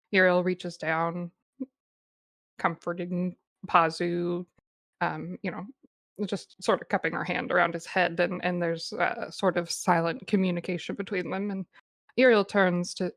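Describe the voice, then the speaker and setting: A woman's voice: on the low side, no room sound, clean studio sound. A woman player narrating her character's actions in a tabletop game, hesitant with many fillers.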